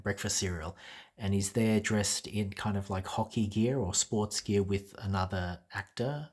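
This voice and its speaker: A man's voice: fairly low pitch, darkish tone, breathy edge. A man chatting to his viewers in a rambling, casual solo vlog full of fillers, laughing now and then. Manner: laughs as he talks. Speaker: vlogger. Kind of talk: casual solo talk to camera.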